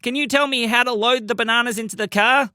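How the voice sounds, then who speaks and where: A woman's voice: a little high, fast, sharp tone, no echo, clean studio sound, voice pushed up. A woman doing a shy, stammering boy. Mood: timid. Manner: timid and stammering. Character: shy, hesitant young boy.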